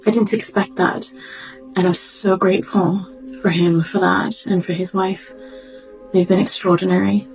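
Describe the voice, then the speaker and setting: A woman doctor giving a reflective, heartfelt personal testimony, pausing and searching for words as she goes. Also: lowish voice, little pitch movement, gravelly, darkish tone, low-quality recording. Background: faint background music.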